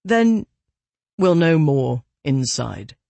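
A man's voice: fairly high pitch, big pitch swings, extremely slow, vocal fry, a little mellow, dry recording, heavily acted. A narrator voicing an earnest, eager police inspector man in an audiobook.

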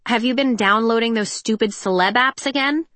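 A woman's voice: fairly high pitch, moderate pace, fairly bright tone, no room sound, pitched above the performer's own voice, close to an everyday voice. A woman voicing a guarded, practical teenage girl mechanic with a wry, matter-of-fact manner.

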